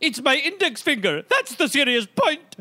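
A man's voice: extremely high pitch, huge pitch swings, moderate pace, sharp tone, no echo, full character voice. A man doing a babbling goofy senator. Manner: goofy, spouts nonsense sounds. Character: silly babbling male senator, nonsensical and childish.

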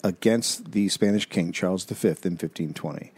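A man's voice: low-pitched, moderate pace, a little mellow, breathy edge. A man co-hosting a comedy podcast, loosely retelling history with swearing. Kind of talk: casual storytelling.

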